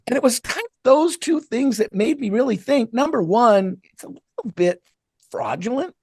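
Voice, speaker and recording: A middle-aged man telling stories as a guest author in a podcast interview, lively and acting out the voices of people he quotes. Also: extremely high pitch, moderate pace, breathy edge. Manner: animated, acts out quoted voices.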